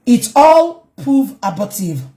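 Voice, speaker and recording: Heated Nigerian woman vlogger, lively pitch. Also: slow pace. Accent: Nigerian, Yoruba. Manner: emphatic, switches between English and Yoruba, bursts into shouting. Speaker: online commentator. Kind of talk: heated commentary vlog.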